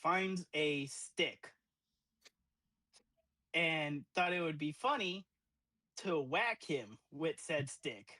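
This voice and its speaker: A young man in his twenties, co-hosting a podcast and telling a profane, animated party story with acted-out quotes. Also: a little high, extremely slow, pauses often, no echo, low-quality recording. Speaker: podcast co-host. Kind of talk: casual storytelling.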